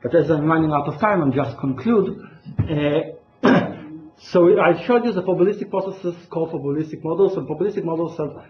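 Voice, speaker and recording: A man's voice: on the high side, fairly quick. Hesitant male lecturer in an echoey hall. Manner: hesitant, many fillers and restarts. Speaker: conference speaker. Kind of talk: academic conference talk. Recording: echoey lo-fi hall recording, faint noise.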